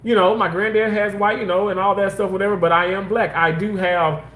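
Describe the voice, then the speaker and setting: A man casually telling personal stories in an animated, rambling way, repeating himself for emphasis. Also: high voice, a little fast, reverberant. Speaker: former hospital surgical worker.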